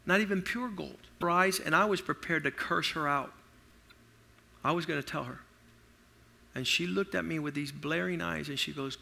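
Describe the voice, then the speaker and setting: A middle-aged man preaches by telling stories, his fairly high voice very bright and forceful. He swings between sudden loud outbursts and quiet, hushed asides as he acts out the people in his tales. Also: moderate pace, gravelly. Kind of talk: sermon storytelling.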